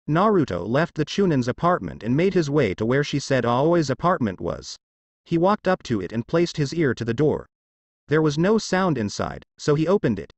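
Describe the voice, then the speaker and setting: A man narrating a fanfiction story in an expressive storytelling manner. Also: medium pitch, normal speed, dry recording.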